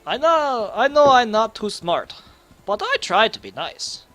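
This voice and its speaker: A man voicing a dim-witted, gentle half-ogre man who talks in halting, childlike phrases. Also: high voice, sing-song, pitched above the performer's own voice, heavily acted. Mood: pleading.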